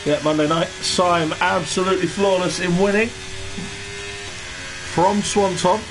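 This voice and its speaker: A man giving relaxed live commentary on an online race and greeting viewers in the chat. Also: sits high, measured pace, music in the background. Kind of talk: live sim-racing commentary. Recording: noisy stream with engine sound behind.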